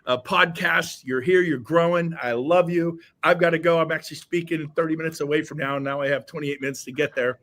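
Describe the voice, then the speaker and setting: A man speaking as a podcast guest, giving a fiery motivational talk that bursts into shouts. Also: fairly high pitch, fairly even intonation, brisk, hardly any pauses. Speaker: guest, real estate coach.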